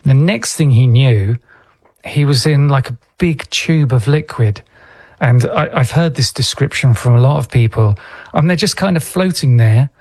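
A man giving calm, earnest explanations as an interview guest, often restarting his sentences mid-thought. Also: mid-range voice, no room sound.

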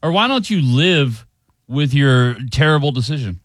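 Mocking male co-host in mid pitch. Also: lively intonation, moderate pace, no echo, studio quality. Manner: mocking, filler-heavy. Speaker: radio co-host. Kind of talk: casual studio banter.

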